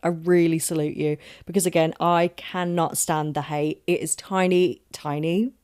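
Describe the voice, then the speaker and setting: A young Londoner hosting a solo podcast rants in a chatty, wandering, emphatic way, swearing freely and joking about herself. Her deep voice is clean and a little mellow, with fairly even intonation and a moderate pace.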